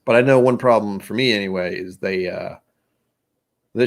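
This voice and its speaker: Hosting a relaxed whisky livestream, a man speaks at normal speed in a fairly low voice, rambling in a self-deprecating manner and frequently starting sentences over.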